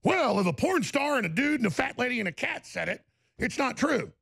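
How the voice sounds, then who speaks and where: A man ranting through political commentary with a high, swooping, very lively voice. His tone is gravelly and husky, and he sounds sarcastic and heated throughout. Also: brisk. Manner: ranting, sarcastic, jumps between mock voices.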